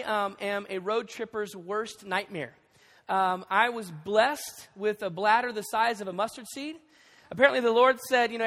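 A man preaching a sermon as pastor, telling a funny story with animated delivery. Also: high voice. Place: church sanctuary. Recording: long reverb of a large hall.

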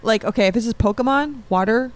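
A woman's voice: fairly high pitch, quick pace. Teasing young woman player. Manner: laughing, teasing, swears casually. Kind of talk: casual tabletop play.

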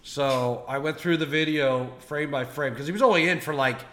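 A man's voice: on the high side, moderate pace, fairly bright tone. A man hosting a podcast, telling rambling stories in a playful, teasing way. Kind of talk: casual chat. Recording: roomy echo.

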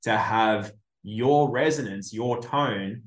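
A man hosting a podcast, talking in a blunt, profane, animated way in casual chat. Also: lowish voice, slow, reverberant. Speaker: podcast host.

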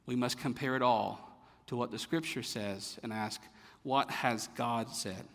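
A man's voice: mid-range voice, fairly even intonation, measured pace. Man preaching in a reverberant hall. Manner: rhetorical questions, rising to emphatic peaks then dropping quiet. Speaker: pastor. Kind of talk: sermon.

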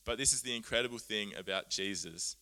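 A man preaching a sermon, earnest and animated, often laughing at himself as he explains Bible words. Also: fairly low pitch, fairly quick.

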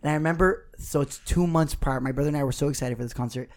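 A man's voice: a little high, fast, a little mellow. A man in his twenties in casual podcast banter, joking around and swearing a lot. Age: 20s. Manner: rowdy, profane, joking banter. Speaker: podcast co-host. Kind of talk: casual chat.

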